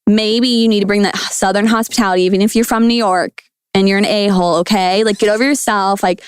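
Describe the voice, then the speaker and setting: A woman's voice: medium pitch, quick pace, clean tone, no room sound, clean studio sound. A woman who used to be a food scientist, a podcast guest riffing playfully on words in casual chat. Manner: animated, silly, riffing on words.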